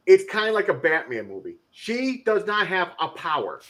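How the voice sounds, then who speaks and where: A man's voice: high voice, moderate pace. A man co-hosting a casual movie podcast, emphatic and swearing freely as he gets worked up. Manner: emphatic, swears a lot, gets loud when excited. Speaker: podcast co-host. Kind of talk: casual chat.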